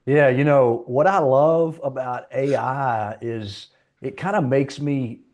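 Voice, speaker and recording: A middle-aged man with a Southern US accent, a podcast guest who tells relaxed, self-deprecating stories in casual speech. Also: mid-range voice, slow, muffled recording. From Little Rock, Arkansas, USA. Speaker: podcast guest, leadership coach. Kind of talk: conversational podcast interview.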